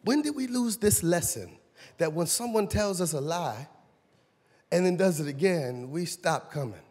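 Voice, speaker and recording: High, lively-voiced man pastor preaching. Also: measured pace, husky. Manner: animated, conversational preaching with audience questions. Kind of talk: sermon. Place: church sanctuary. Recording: long church hall reverb.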